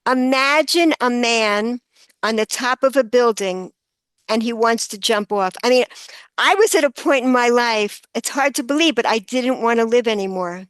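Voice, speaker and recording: An older woman, a guest author on a podcast, telling a story earnestly and slowing down for emphasis. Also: on the high side, dry recording. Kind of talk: podcast interview.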